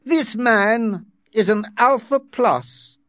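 Man doing a stern male official, raised pitch, formal and accusing, dry sound. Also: slow pace, fairly bright tone, no echo.

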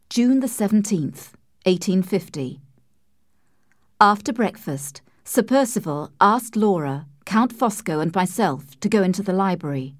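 A woman narrating a classic novel in a calm, measured storytelling voice. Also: mid-range voice, dry recording, studio quality. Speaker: audiobook reader. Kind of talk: scripted narration.

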